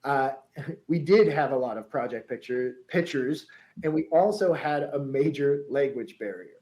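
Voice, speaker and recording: A man's voice: medium pitch, a little slow, mellow, poor audio. A man co-hosting a podcast, telling a story in a chatty way, laughing often and reading quotes aloud.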